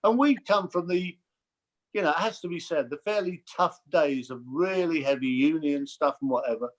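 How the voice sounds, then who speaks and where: An older man chatting as a guest, telling lively stories and mimicking voices. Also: a little high, moderate pace. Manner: animated storyteller, mimics voices. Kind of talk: casual chat.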